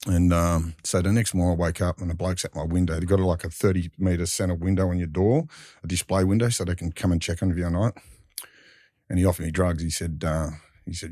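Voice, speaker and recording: A man's voice: deep voice, fairly even intonation, a little fast, warm tone, no room sound, clean studio sound. A man with an Australian accent, a guest in an interview, telling his life story in a candid, rambling way with colloquial phrasing and frequent restarts. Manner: colloquial, acts out others in dialogue.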